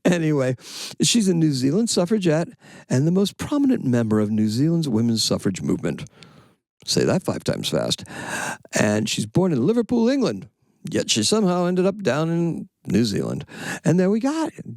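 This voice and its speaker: Animated gravelly-voiced man hosting astrology talk. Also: medium pitch, no echo. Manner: animated, rambling, self-correcting, playful asides. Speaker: astrology channel host. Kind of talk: casual solo astrology report.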